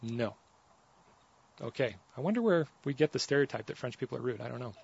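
Animated joking male preacher. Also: mid-range voice, very fast, creaky, slightly rough, dry recording, muffled recording. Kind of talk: storytelling sermon.

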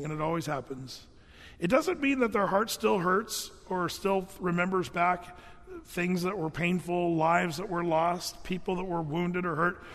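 A man's voice: fairly high pitch, fairly bright tone, in a large hall. A man giving a conversational, earnest sermon as a pastor, with frequent fillers and restarts.

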